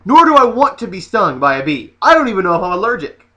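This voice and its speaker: A man vlogging in a casual comedic rant, sassy and animated with mocking asides. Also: high voice, quick pace.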